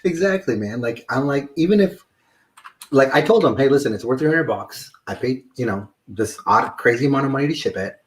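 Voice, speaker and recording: A man's voice: medium pitch, expressive, fairly quick. A man hosting a casual model-building stream, chatting and telling stories with lots of fillers. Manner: rambling storyteller, frequent fillers. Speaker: stream host. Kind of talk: casual chat.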